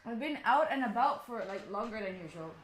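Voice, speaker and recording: A fairly high-voiced woman chats casually on a live stream, talking straight to her viewers and thinking aloud as she sets up. Soft music plays faintly behind her. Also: animated, a little fast. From Italy. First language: Italian. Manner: chatty, thinks aloud, talks straight to chat.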